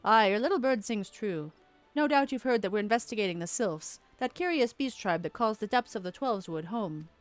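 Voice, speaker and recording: A woman's voice: mid-range voice, expressive, moderate pace, faint music behind, lightly acted. A woman voicing a stern military commander in a game, reading formal, old-fashioned lines. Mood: grave.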